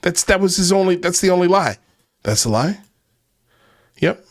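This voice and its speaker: A high-voiced man gives casual, profane commentary over a clip, mocking what he watches. He laughs often and talks loosely. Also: expressive, normal speed. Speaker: reaction video host.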